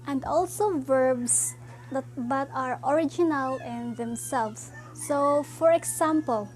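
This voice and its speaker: A woman teaching a grammar lesson, explaining slowly and haltingly, with frequent "so" and "um" fillers. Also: high-pitched, darkish tone, poor audio.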